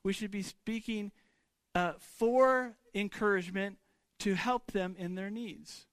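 A man's voice: high-pitched, slow, fairly bright tone, no room sound. A man who is a pastor, giving a sermon in a conversational way, with rhetorical questions and frequent restarts.

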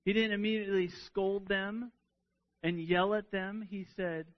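A man with a high voice preaches a sermon at an unhurried pace. He speaks earnestly and often repeats a word as he restarts a thought. The recording sounds dull and lo-fi. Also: steady tone.

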